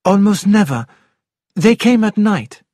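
A man's voice: sits high, big pitch swings, measured pace, darkish tone, no echo, clean studio sound, full character voice. A man voicing a loyal, anxious young French maid who pleads her innocence in an audiobook drama. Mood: earnest. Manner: earnest, pleading denials.

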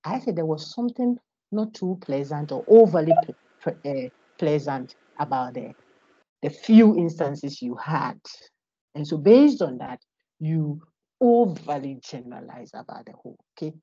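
A woman's voice: deep voice, expressive, moderate pace, warm tone, husky, no room sound. A woman giving an online lecture, emphatic and posing rhetorical questions to her class. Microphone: computer microphone on a video call. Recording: dull, lo-fi online call audio.

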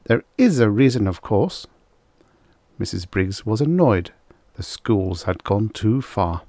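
A man narrating a vintage science fiction story in an expressive, theatrical way, with a slightly croaky voice. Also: deep voice, a little slow, no echo. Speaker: audiobook narrator. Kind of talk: scripted narration.

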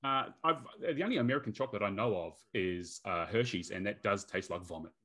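A man with a New Zealand accent and a fairly low voice talks through a whisky tasting. His humor is dry and self-mocking, and he delivers it in an easy, casual way. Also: a little fast, fairly bright tone. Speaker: guest. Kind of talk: casual chat.

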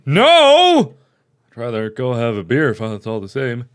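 A man giving jokey, excitable commentary while playing a horror game, often yelping. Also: medium pitch, a little slow, a little hiss or hum. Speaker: gaming commentator. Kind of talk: let's play commentary. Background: game music.

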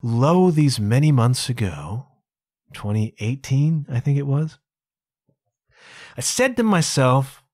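Male podcast host, solo chat, lively pitch swings, dry close sound. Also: slow pace, pauses often, no echo. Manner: chatty, animated, full of asides like "man" and "you know". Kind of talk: casual solo podcast monologue.

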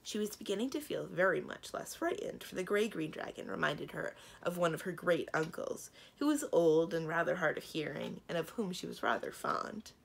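A woman librarian narrates a children's book aloud with expressive storytelling. Her voice is low and gravelly, moving freely up and down in pitch. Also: moderate pace, few pauses.

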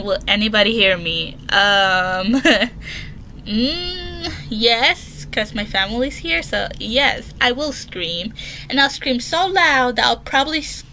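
Bright-voiced woman in horror game commentary. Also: fairly high pitch, slight background noise. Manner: reads questions aloud and answers them, jumpy and chatty. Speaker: gaming channel host. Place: her bedroom at home.

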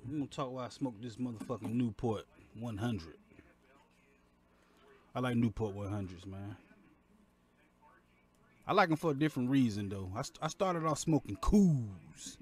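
A man's voice: mid-range voice, expressive, normal speed, long pauses, breathy edge. A man casually telling a story while he smokes, loose and profane, drawing his words out. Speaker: streamer in a played clip.

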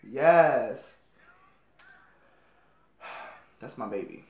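A man's voice: animated, very slow. Giggly man reacting, echoey room. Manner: giggly, gushing, frequent laughter; kept low to stay quiet. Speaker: reaction video host. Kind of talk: casual reaction commentary.

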